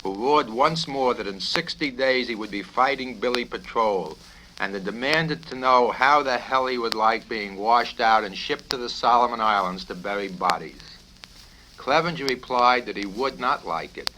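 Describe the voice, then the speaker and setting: A man's voice: lowish voice, normal speed. Man reading his novel, dry and wry. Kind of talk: audiobook reading. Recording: crackly vinyl LP with clicks.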